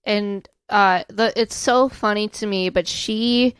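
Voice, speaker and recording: Woman cohost, mid pitch, quiet and chill, dry mic. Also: fairly even intonation, slow pace, clean tone, dry recording. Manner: quiet, short backchannel replies. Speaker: podcast co-host. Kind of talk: casual podcast chat.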